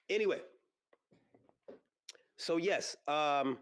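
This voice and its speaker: Male podcast host, casual and animated, bouncy pitch, lots of filler words. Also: measured pace, pauses often. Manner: animated, rambling, frequent fillers and exclamations. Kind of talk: casual solo podcast chat about combat sports. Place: podcast studio.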